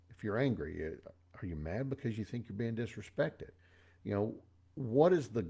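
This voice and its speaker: A man's voice: lowish voice, a little mellow. A middle-aged man giving a casual motivational talk as host, chatty and folksy, with pop-culture asides.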